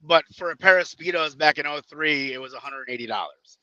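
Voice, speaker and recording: A man in his thirties with a Chicago-area accent, a wrestler telling stories on a podcast in an animated way, acting out other people in loud bursts and swearing freely. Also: on the high side, brisk, no room sound. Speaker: independent wrestler, podcast guest. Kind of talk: casual storytelling chat. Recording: dull lo-fi podcast audio.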